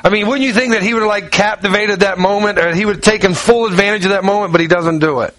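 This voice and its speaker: A man with a high voice preaches an informal, rambling sermon. He talks like a chat, full of restarts and slang. The sound is dry and close. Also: fast, fairly bright tone, no room sound, poor audio. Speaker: pastor. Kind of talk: conversational sermon.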